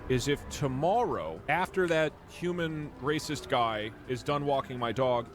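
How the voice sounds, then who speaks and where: A man streaming a detective game, joking in a playful, deadpan way. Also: medium pitch, a little slow, a little hiss or hum. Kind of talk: comedic gameplay commentary. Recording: music playing underneath.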